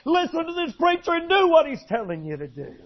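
A man's voice: extremely high pitch, a little slow, pitched above the performer's own voice. A man voicing an elderly preacher in his eighties giving an earnest, fervent testimony. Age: 80s. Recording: dull lo-fi sound.

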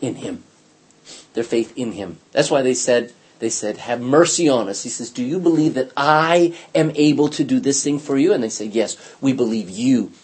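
A Bible teacher with a medium-pitched, husky, slightly mellow voice speaks at normal speed. He reads scripture to the class and explains it with emphasis, repeating key words and asking questions.

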